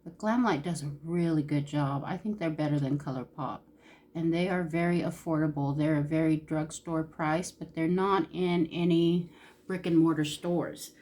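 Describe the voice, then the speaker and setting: A woman with a deep, darkish voice speaks at normal speed with fairly even intonation as she does her makeup on camera. She's a beauty vlogger giving a casual tutorial chat, candid and emotional, using a Southern-style "y'all," and at moments close to tears.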